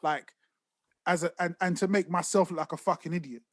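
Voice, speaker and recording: A man's voice: on the high side, a little fast, no room sound. A man co-hosting a podcast, telling stories in casual, swearing chat. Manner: swearing, animated storytelling. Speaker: podcast co-host.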